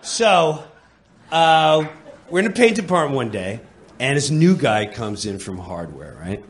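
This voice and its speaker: A middle-aged man from New York telling a stand-up story on stage, animated and quick to slip into voices. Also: medium pitch, slight background noise. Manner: animated, jumps into voices, laughing asides. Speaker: comedian. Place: comedy club stage.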